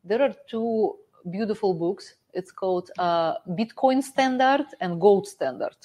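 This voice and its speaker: A woman's voice: mid-range voice, unhurried. Hesitant Russian-accented woman guest. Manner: hesitant, many uh fillers, soft laughs. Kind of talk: casual chat.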